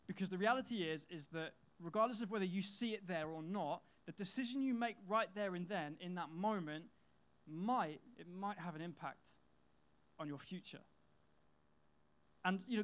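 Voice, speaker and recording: High-voiced young youth speaker. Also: male voice, fairly bright tone. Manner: chatty storytelling with fillers and repeats. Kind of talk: casual youth sermon.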